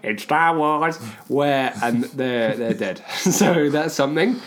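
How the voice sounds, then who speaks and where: A man's voice: fairly high pitch, animated, takes it slowly. A man co-hosting a podcast in casual comic chat, playful and prone to silly voices. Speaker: podcast co-host.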